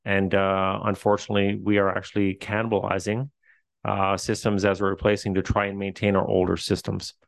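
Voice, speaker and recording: A man's voice: fairly low pitch, monotone, fairly quick, vocal fry, no echo. A man with a Newfoundland accent, a facilities administrator answering questions at a meeting, hesitant with many fillers and restarts.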